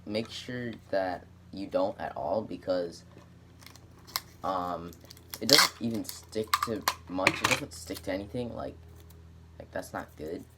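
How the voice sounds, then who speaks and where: In this casual show-and-tell clip, a hobbyist with a lowish voice demonstrates a gadget he built himself. Background noise is present, and his explanation wanders with plenty of fillers.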